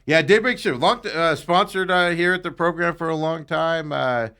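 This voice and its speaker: A man hosting a casual talk show, chatting and teasing his co-host, with sudden jumps up in pitch. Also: normal speed, bright, forceful tone, smooth. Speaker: podcast host.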